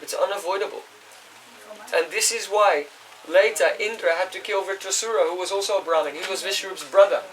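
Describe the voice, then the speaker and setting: A man's voice: sits high, a little fast, fairly bright tone. A man giving a scripture class, explaining at length, chanting Sanskrit verses and checking in with his listeners. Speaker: spiritual teacher. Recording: voice distant from the mic.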